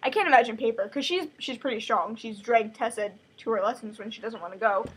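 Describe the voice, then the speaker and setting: A woman's voice: fairly high pitch, fast talker, slightly rough, rough recording. A woman casually summarizing a novel chapter, chatty and full of "like" fillers. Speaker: host reading a novel aloud. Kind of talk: casual book summary with asides.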